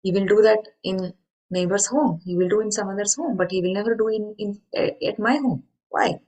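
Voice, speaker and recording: A middle-aged woman gives an earnest talk on mindfulness to an online group as a meditation speaker, explaining with everyday examples and rhetorical questions. Her mid-range voice is mellow and fairly quick, and the audio is poor.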